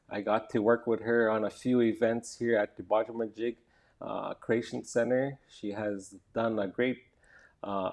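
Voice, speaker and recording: A man hosting a live-streamed podcast interview from an indoor arts center, talking casually and haltingly with many fillers. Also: lowish voice, darkish tone.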